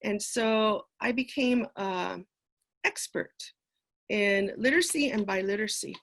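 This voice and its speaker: An older woman, a retired educator, telling personal stories as a keynote speaker, earnest and pausing often on fillers. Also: mid-range voice, a bit bright. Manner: earnest storytelling with frequent fillers. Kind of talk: personal conference talk.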